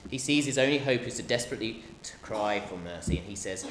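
A man's voice: a little high, lively intonation, normal speed, hardly any pauses, fairly bright tone. Impassioned male preacher in a roomy hall. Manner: impassioned, acts out cries and crowd voices. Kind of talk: sermon. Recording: roomy hall echo, faint background noise.

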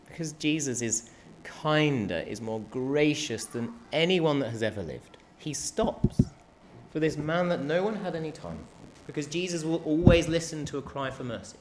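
A man's voice: fairly high pitch, expressive, moderate pace. A man preaching a sermon, impassioned, acting out the cries and the crowd's voices as he goes. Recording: roomy hall echo, faint background noise.

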